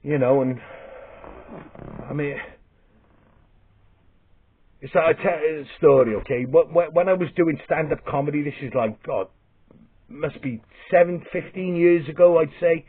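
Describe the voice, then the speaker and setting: A man's voice: a little high, unhurried, pauses often, a little hiss or hum. A man with a Welsh accent telling a comic story as a vlogger, blunt and sweary, with restarts. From Wales. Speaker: vlogger and comedian. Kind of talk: rambling comic storytelling monologue. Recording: tinny phone-like sound.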